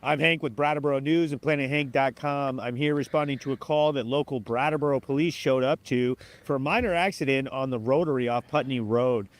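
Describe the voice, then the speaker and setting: A man's voice: mid-range voice, a little fast, few pauses. A man reporting plainly from the scene of a local road accident, matter-of-fact. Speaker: citizen news reporter.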